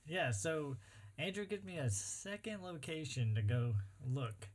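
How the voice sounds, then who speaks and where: A young man in casual chat, telling a story in a relaxed, joking way with plenty of filler words. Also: on the high side, a little slow.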